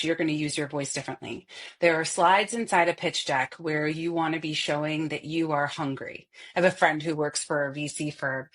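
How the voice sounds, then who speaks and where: A woman voice coach on a podcast, speaking expressively and showing how to shift her voice. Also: deep voice. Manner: expressive, demonstrates vocal styles. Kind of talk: podcast interview.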